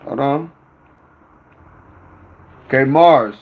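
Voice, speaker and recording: A man's voice: mid-range voice, extremely slow, phone-quality sound. A man telling a rambling, profane story to viewers on his phone stream.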